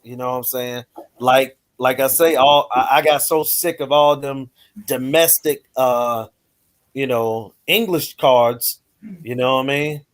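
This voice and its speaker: A man's voice: mid-range voice, fairly even intonation, unhurried. A man co-hosting a casual chat, rambling with many filler phrases.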